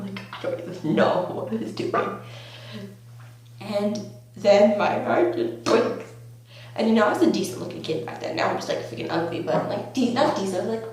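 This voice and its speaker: A young woman in her teens telling a storytime vlog in a rambling, filler-heavy way with bursts of excitement, recorded on a camera mic at home. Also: on the low side. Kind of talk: storytime vlog, casual chat. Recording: very echoey room, faint hum.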